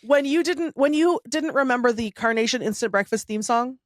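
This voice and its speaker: A woman's voice: fairly high pitch, no echo, clean studio sound. A woman co-hosting a podcast in casual chat, chiming in often and telling stories with animation. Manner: quick agreeing interjections, animated. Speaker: podcast co-host.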